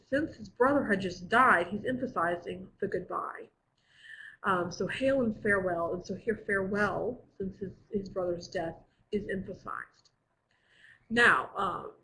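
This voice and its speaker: A woman's voice: medium pitch, a bit bright, slight background noise, low-quality recording. A woman teacher explaining Latin grammar in a live online class, patient and careful, with frequent filler words.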